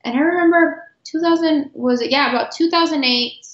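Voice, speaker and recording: A middle-aged woman guest telling a personal story earnestly, with halting restarts and repeated words. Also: high voice. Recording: roomy, dull lo-fi sound.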